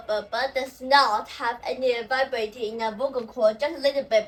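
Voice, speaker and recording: A woman teaching language pronunciation, who talks slowly and says example words over and over. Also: on the high side, steady tone, recorded from a distance, soft background music, rough recording. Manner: slow and repetitive, saying example words over and over. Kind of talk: explaining pronunciation.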